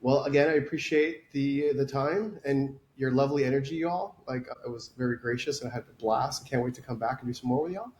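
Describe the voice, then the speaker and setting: A man's voice: mid-range voice, fast, few pauses. A man appearing as a podcast guest, chatting casually and thanking the hosts with gratitude. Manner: grateful, warm-spoken, plugs his project. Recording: echoey room.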